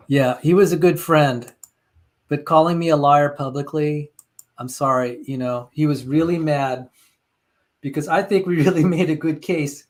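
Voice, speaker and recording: Animated higher-voiced man host. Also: moderate pace. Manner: animated storytelling, quoting others. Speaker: channel host. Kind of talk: casual chat.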